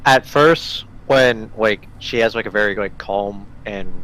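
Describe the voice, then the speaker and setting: A man narrating as game master of a tabletop game, his voice sitting low. He describes the scene loosely, with lots of filler words along the way. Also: measured pace, fairly bright tone, rough recording.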